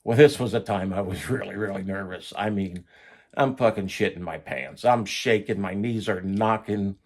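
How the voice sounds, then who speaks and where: Guy with a lowish voice, casual blunt storytelling, swears a lot. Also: normal speed. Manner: blunt, profane, conversational. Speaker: former prisoner telling his story.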